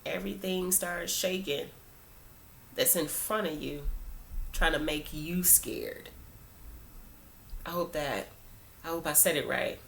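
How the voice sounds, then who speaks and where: A woman with a fairly low voice, speaking earnestly and a bit preachily in a casual faith talk. Her delivery is conversational and loose, full of fillers. A faint hiss sits under her voice. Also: slow pace, gravelly, pauses often, fairly bright tone. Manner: informal phrasing with many fillers. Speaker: Christian vlogger.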